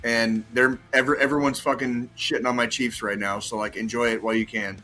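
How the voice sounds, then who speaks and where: A man of middle pitch with a bright, forceful voice, co-hosting a casual podcast. He talks brashly and trash-talks, swearing freely as he goes. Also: flat delivery, fairly quick, faint music behind. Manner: brash, trash-talking, profane. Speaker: podcast co-host.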